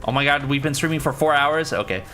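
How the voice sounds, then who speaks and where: Fast and fairly high-pitched, with a pushed, bright quality, a male streamer gives loose live commentary on a horror game over slight background noise. He reads chat, cracks jokes on the side, and swears freely.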